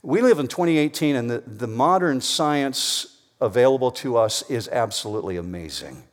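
A man preaching a sermon to a congregation, emphatic, swinging between loud declarations and quiet asides. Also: mid-range voice, lively intonation, moderate pace. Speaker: pastor. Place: church hall with a congregation. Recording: long hall reverb.

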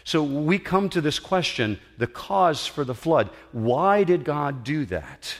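A middle-aged man, a pastor, preaching a sermon in an auditorium, earnest and emphatic with dramatic pauses. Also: on the high side, sing-song.

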